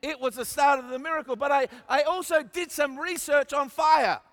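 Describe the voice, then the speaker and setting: High-voiced Australian preacher in reverb. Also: male voice, normal speed. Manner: emphatic preaching that swings from quiet asides to shouts. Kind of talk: sermon. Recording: long hall reverb.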